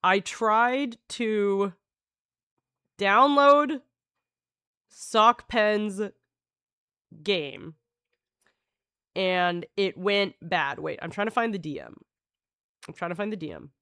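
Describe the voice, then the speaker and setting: A woman's voice: mid-range voice, takes it slowly, long pauses, a bit bright, clear, resonant tone, no room sound, clean studio sound. A woman live streamer chatting with her viewers in a rambling, jokey way, often breaking off and restarting her sentences. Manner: jokey, scattered, full of restarts and self-interruptions.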